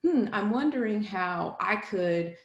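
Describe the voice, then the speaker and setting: A woman's voice: medium pitch, a little slow, lo-fi sound. Chatty woman in a roomy room. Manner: lively, chatty, with frequent "like" and laughs. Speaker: podcast guest. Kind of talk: casual interview chat. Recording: roomy echo.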